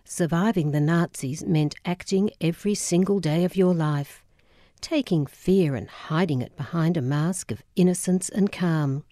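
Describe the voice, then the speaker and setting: A woman narrating a memoir audiobook in a measured, solemn way. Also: on the low side, warm tone, dry recording, studio quality.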